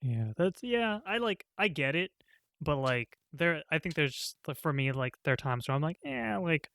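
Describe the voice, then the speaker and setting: A man's voice: fairly high pitch, expressive, normal speed, a bit bright. A young man co-hosting a podcast, laid-back and a bit hesitant, swearing casually as he chats. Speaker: podcast co-host. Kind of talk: casual chat.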